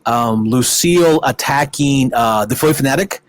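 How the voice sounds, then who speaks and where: A middle-aged man, a guest in a casual interview, telling animated stories with plenty of fillers and acted-out quotes. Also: mid-range voice, normal speed. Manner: animated anecdotes with many fillers and quoted voices. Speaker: guest, wrestling promoter.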